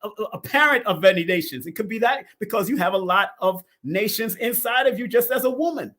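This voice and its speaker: A middle-aged man hosts a casual live-stream numerology show in a slightly high voice, talking a little fast. He speaks in animated bursts and laughs often, shifting between loud exclamations and quiet asides.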